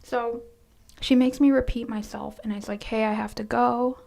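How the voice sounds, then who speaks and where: Soft-spoken woman with a gravelly, flat voice. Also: fairly high pitch, moderate pace. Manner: hesitant, with restarts, drifting into near-whispers. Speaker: storytime vlogger. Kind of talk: casual storytime monologue.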